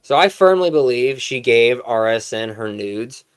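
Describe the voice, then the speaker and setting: A man's voice: medium pitch, lively intonation, unhurried, smooth. A man streamer giving reaction commentary, explaining to chat with dry, sarcastic asides.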